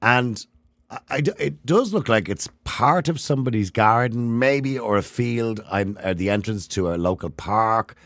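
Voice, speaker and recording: A man's voice: mid-range voice, animated, moderate pace, fairly bright tone, no room sound, clean studio sound. An Irish man hosting a phone-in talk show, who questions his callers and pushes back on what they say. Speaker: radio phone-in host.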